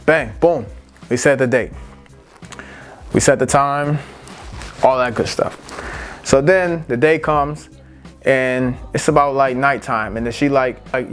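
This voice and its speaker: Profane, animated American man telling a story. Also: mid-range voice, measured pace, long pauses, clear, resonant tone, faint music behind. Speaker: vlogger. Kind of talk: casual storytime vlog.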